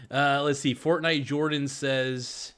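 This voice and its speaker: A man's voice: fairly high pitch, fairly bright tone. Rambling, joking man streaming from home. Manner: rambling, joking, self-mocking. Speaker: live streamer reading chat. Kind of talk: casual livestream chat.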